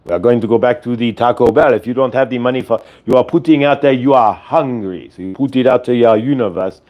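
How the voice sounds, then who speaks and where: A man's voice: mid-range voice, quick pace, lo-fi sound. A man hosting a show, giving a channeled spiritual teaching that speaks as "we" and circles back to repeat its points. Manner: speaks as a collective "we", repetitive and instructive.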